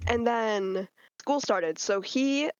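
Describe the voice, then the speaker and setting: A teenage girl telling a story as a podcast guest in casual chat, animated and acting out what people said. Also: fairly high pitch, slow, smooth, no echo, lo-fi sound. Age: teens. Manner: animated, quotes people in changing voices.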